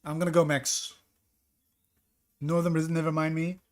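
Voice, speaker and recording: A man with a fairly high voice streams a geography guessing game. He reasons out loud and second-guesses himself. He chats casually with his viewers between guesses. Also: level tone, normal speed. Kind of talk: live-stream commentary reading chat.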